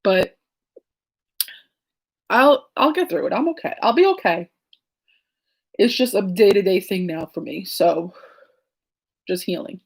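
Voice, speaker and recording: Woman late 30s chatting on her vlog, rambly, lots of "like" and "um", soft reflective voice. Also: mid-range voice, expressive, unhurried, creaky, long pauses, husky. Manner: rambling, digressive storytelling with many fillers. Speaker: crochet and knitting vlogger. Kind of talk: casual vlog chat.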